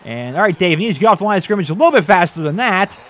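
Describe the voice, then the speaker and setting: A gaming YouTuber with a high-pitched voice talks very fast, giving excited, chatty commentary over his own football video game. He laughs and speaks directly to his viewers.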